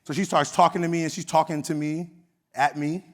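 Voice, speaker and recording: A man's voice: fairly high pitch, little pitch movement, fairly quick. A middle-aged man with an Oakland accent giving a keynote speech, telling a personal story in a conversational way and acting out quoted dialogue. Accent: Oakland, California. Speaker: keynote speaker. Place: conference hall stage.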